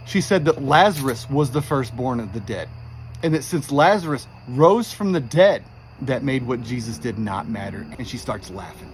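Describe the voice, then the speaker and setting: A man's voice: mid-range voice, sing-song, moderate pace, a little hiss or hum. A man in his forties intensely retelling a frightening true story, with frequent swearing. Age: 40s. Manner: intense, profane, shaken retelling. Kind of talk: first-person true story.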